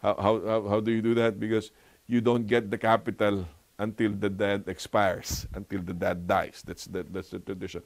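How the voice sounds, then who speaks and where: A man's voice: lowish voice, flat delivery, normal speed. A man teaching a Bible lesson in a conversational way, asking rhetorical questions and laughing often. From Philippines. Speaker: Sabbath school teacher.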